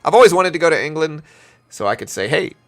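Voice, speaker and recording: A man's voice: fairly high pitch, very animated, fast, fairly bright tone. A man with a light South Louisiana accent hosting a live trading stream, chatting casually with viewers as he calls out market moves. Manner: chatty, answers viewer chat while calling market moves.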